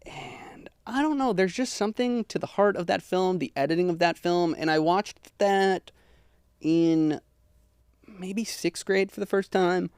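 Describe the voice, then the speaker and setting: A man's voice: high voice, unhurried, a little mellow, smooth, no echo, clean studio sound. A young man, a podcast guest, chatting casually and telling rambling stories with many likes and ums. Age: young adult. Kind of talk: casual chat.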